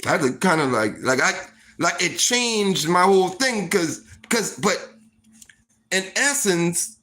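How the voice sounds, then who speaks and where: An animated man spins a casual story straight to the camera, his pitch sitting a touch high and leaping all over the place. He talks loosely and profanely, leaning on "like" and "you know" as he goes. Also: measured pace. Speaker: storytime vlogger.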